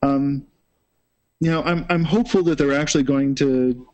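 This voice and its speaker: A man's voice: medium pitch, moderate pace, darkish tone, dull audio. A man hosting a casual tech panel chat, opinionated and full of fillers.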